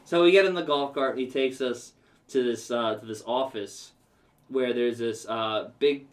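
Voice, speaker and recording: A man's voice: medium pitch, moderate pace. A man from New York tells a rambling story, acting out every line of dialogue with lots of energy. His voice sits in the middle range and sounds a bit far from the mic. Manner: animated storyteller acting out quotes, laughing. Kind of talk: casual storytelling chat. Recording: distant from the mic.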